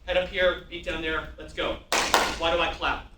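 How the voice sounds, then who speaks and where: High-voiced man leading echoey sales training. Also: moderate pace. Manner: energetic, rhetorical questions, call-and-response with the room. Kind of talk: live sales training demonstration. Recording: echoey room from far off, faint noise.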